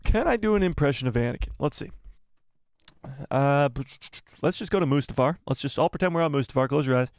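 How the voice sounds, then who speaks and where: A man hosting a casual live stream, talking in an excitable, exclamatory way and reading viewer donations. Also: on the high side, fairly quick, clear, resonant tone.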